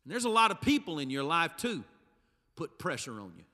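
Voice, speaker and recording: Male Pentecostal preacher, high bright voice, soft-to-shouting delivery, reverberant church hall. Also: sing-song, a little fast. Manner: swings from soft intimate to shouting climaxes. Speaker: pastor. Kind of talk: Pentecostal sermon. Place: church sanctuary.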